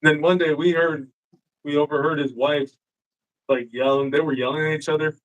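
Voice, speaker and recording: A man's voice: on the high side, moderate pace, muffled recording. A man telling a story as a guest in a casual chat, swearing freely and acting out what people said. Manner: profane, animated, acts out quotes. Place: live-streamed show.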